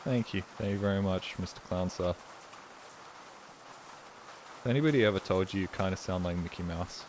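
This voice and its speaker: Deep-voiced crude, joking male streamer. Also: quick pace, a little mellow, a little hiss or hum. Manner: crude, rambling, self-mocking humor. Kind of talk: casual gameplay commentary.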